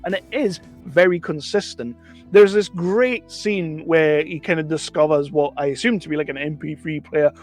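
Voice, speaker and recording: A man with a notably high voice rambles through a casual film review, opinionated and chatty, stopping to correct himself as he goes. Faint music plays underneath him. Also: normal speed.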